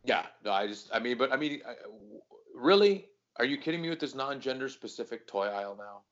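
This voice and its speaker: A man's voice: mid-range voice, quick pace, bright, forceful tone, muffled recording. A man co-hosting a podcast, ranting in casual chat with lots of swearing. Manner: profane, ranting, worked up. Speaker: podcast co-host.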